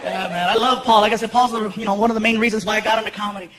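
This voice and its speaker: A man from Los Angeles telling stories on stage in an animated stand-up set, acting out voices. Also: sits high, racing, a loud crowd. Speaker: stand-up comedian. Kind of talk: stand-up comedy storytelling. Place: large comedy theater. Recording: roomy hall, loud audience laughter.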